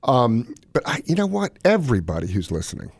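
A man who is a cardiologist, hosting a radio show and telling stories in a casual, animated way. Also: a little fast, creaky, husky, no echo. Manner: animated storyteller, lively pitch swings.

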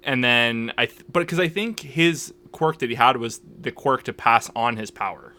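A man co-hosting a casual podcast, animated and rambling, often acting out lines. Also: medium pitch, moderate pace. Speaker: podcast co-host. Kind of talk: casual chat.

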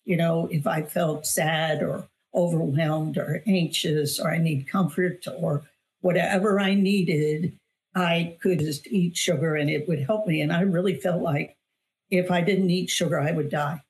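A woman's voice: low-pitched, steady tone, measured pace, darkish tone. Earnest middle-aged woman telling her story. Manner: earnest, emphatic storytelling with repeated phrases. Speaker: guest, author and weight loss coach. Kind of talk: conversational testimony in an interview.

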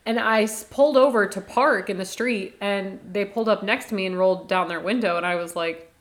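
A woman's voice: mid-range voice, fairly quick. A woman co-hosting a podcast, telling a story in casual chat and swearing freely. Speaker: podcast co-host.

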